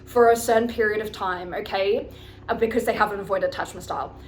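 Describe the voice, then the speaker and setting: A woman's voice: mid-range voice, fairly even intonation, fast talker, slight background noise. A woman life coach giving casual, frank advice to her viewers, swearing freely and often checking in with them. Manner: frank and chatty, swears casually, keeps checking in with "okay, guys?".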